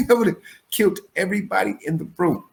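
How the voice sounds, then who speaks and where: A man in his forties, a comedian guest on a remote call, telling stories in a casual, profane way and jumping up in pitch when he quotes himself. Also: a little fast, gravelly. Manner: animated, profane, jumps high for quoted lines. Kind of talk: casual storytelling interview.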